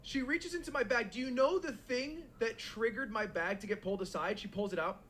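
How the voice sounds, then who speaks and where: A man telling a long anecdote in casual chat, animated and laughing as he goes. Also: extremely high pitch, a little fast, a crowd in the background. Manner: animated, laughing, with quoted voices. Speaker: podcast co-host.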